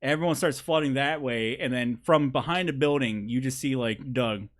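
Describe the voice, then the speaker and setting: A man's voice: medium pitch, moderate pace. A man narrating as dungeon master in a tabletop game, loose and laughing as he describes the scene. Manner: loose and laughing, acts out crowd voices.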